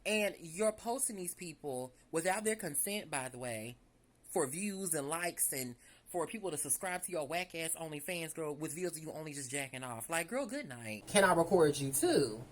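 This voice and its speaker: A woman, telling a story to her viewers in a sassy, animated way. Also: sits low, moderate pace, a little hiss or hum, poor audio. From Southern United States. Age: 20s. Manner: sassy, animated, addresses listeners as girl and y'all. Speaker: vlogger. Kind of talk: casual storytime monologue.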